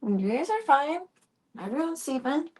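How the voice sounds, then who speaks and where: A woman's voice: high-pitched, animated, moderate pace. Chatty woman streamer at home. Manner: chatty, talks softly to her cats. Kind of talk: casual live-stream chat.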